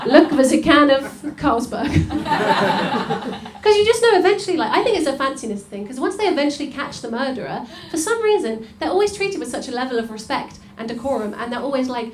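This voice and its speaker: A young woman with a high voice does stand-up, chatty and giggly, filling her lines with "like" as she speaks to the crowd. Her voice echoes around a noisy venue. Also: sing-song, normal speed. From United Kingdom. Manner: chatty, full of "like" and laughter, addresses the crowd. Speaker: stand-up comedian. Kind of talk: stand-up comedy. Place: comedy venue stage. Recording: echoey room with loud noise.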